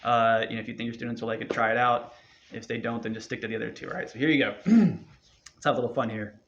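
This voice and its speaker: Man, meditation teacher, loose encouraging delivery, mid-pitched, dull lo-fi recording. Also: completely flat delivery, very fast, fairly bright tone. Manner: loose, rambling, encouraging, with many fillers. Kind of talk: casual spoken instruction. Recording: dull lo-fi sound.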